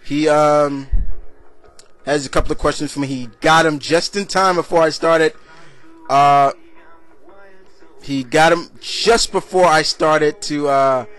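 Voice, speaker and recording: A young man chats loosely as the host of his own video blog, answering viewer questions. He rambles with fillers and restarts in a slightly high voice. Faint music plays behind him. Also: a bit bright. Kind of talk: casual rambling chat.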